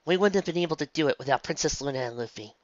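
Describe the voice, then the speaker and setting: A man's voice: on the high side, very fast, no echo, pitched above the performer's own voice, natural voice. A man voicing an earnest young unicorn mare. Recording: dull lo-fi, dry.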